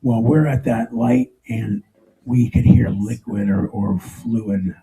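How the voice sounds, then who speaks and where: Middle-aged male storyteller at a live talk, with a dark, gravelly tone and a halting, emotional delivery. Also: on the low side, steady tone, slight background noise, rough recording. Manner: emotional, halting, with frequent restarts. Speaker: speaker telling his own story. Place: stage before a live audience.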